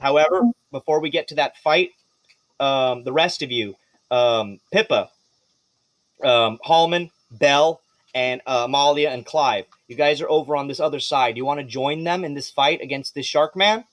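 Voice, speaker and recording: A man narrating as game master of a tabletop game, animated and swearing freely. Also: mid-range voice, moderate pace, dry recording.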